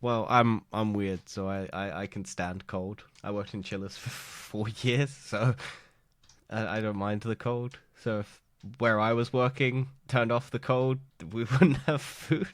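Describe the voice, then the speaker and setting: A man's voice: lowish voice, steady tone, a little slow, dry recording, studio quality. Sick man rambling on a podcast. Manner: jokey, laughs often, rambling with fillers. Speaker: podcast co-host. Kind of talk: casual podcast chat. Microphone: studio microphone.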